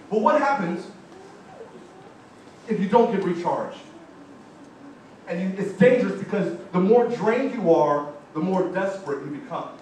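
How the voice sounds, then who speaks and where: A man's voice: sits high, a little hiss or hum. A man delivering a live motivational speech, telling a story with energy and speaking straight to his audience. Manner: animated storytelling with audience call-outs. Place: large college event hall. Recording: echoey hall, distant mic.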